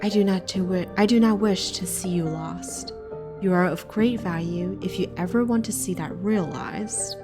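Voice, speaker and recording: A woman voicing a calculating, manipulative schemer in a sci-fi game, measured and persuasive. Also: on the low side, natural voice. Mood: urgent. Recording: clear background music.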